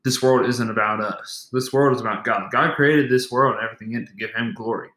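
A man's voice: mid-range voice, steady tone, a little fast, sharp tone. A young man co-hosting a faith podcast, speaking earnestly and emphatically. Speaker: podcast co-host. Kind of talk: casual faith podcast talk. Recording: echoey room.

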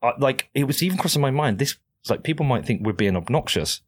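A man's voice: mid-range voice, animated, quick pace, breathy edge. A man chatting as a podcast guest in a candid, self-deprecating way. He rambles with plenty of fillers and swears casually. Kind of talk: casual conversation.

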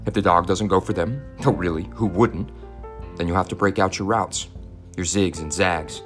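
A man who teaches, reading a chapter of a children's novel aloud with a steady storytelling delivery, then chatting casually and haltingly with restarts. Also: low voice. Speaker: teacher and podcast host.

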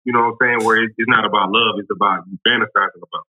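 A man guest on a podcast, talking in an animated, emphatic casual way, full of rhetorical asides. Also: lowish voice, very fast, crowd noise. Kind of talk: casual chat. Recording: tinny phone-like sound.

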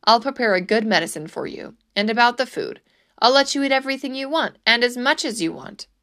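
A woman's voice: fairly high pitch, lively intonation, a little fast, sharp tone, voice pushed up. A placating court doctor, as a woman reading a storybook voices him, soothing and eager to please. The voice stays close to the reader's own. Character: conciliating court doctor, grown man.

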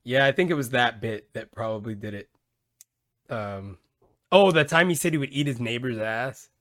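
A man's voice: mid-range voice, moderate pace, fairly bright tone, dry recording. A young man hosts a loose, rambling podcast chat, full of swearing and "dude." His voice sits in a middle range. The recording is dry and close. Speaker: podcast host. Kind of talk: casual chat.

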